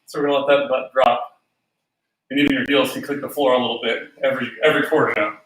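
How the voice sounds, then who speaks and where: A man's voice: mid-range voice, flat delivery, fast, fairly bright tone, recorded from a distance, slight background noise. A man teaching a solo swing dance class, talking through steps and counting beats aloud in rhythm. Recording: echoey room, voice from off-mic.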